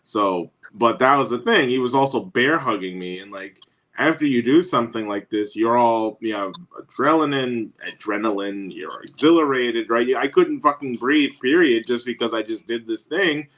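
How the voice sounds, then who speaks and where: A man's voice: medium pitch, normal speed, a bit bright, low-quality recording. A man guesting on a talk show, telling his story bluntly and casually, with some swearing. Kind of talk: casual remote interview.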